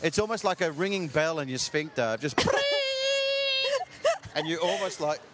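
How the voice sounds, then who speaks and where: A man's voice: fairly high pitch, a little fast, very noisy. A man with an Australian accent, a comedian guest joking crudely in casual chat.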